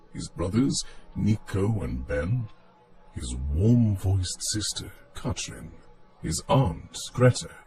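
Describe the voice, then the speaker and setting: A man reading a story aloud in a very deep voice, slow and measured. His pitch moves expressively through each sentence, with faint music playing behind him. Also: dark tone. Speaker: narrator.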